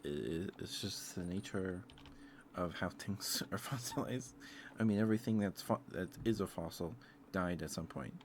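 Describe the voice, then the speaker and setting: A man rambling in a soft-spoken ASMR style, hesitant and full of fillers, tender and easily moved. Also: deep voice, normal speed, a little hiss or hum. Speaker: ASMR streamer.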